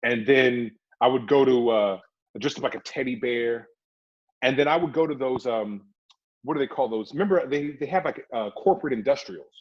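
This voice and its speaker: A man, an actor, chatting casually in an interview and telling lively stories, sometimes slipping into put-on voices. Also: mid-range voice, normal speed. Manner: animated storyteller, slips into put-on voices. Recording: dull lo-fi recording.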